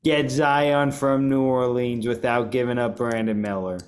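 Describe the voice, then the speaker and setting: Man, casual fan chat, rambling, swears freely, mid-pitched voice. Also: flat delivery, measured pace. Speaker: podcast guest fan.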